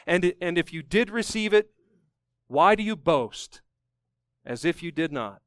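A man preaching a sermon, emphatic and fervent, climbing to strong peaks and dropping low to close each point. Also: lively intonation, a little slow, smooth, dry recording. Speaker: pastor.

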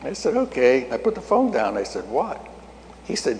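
A man's voice: fairly high pitch, wildly swooping pitch, normal speed, a little mellow, a little hiss or hum. An older man preaching a sermon, telling a story in a folksy way and acting out the dialogue, his voice rising to emphatic peaks. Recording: long hall reverb.

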